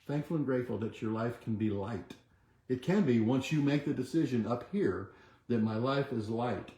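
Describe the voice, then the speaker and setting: A man with a medium-pitched, dark voice hosts a weekly wellness video at a moderate pace, in an echoey room. He gives a motivational talk while coaching listeners through movements and repeated affirmations.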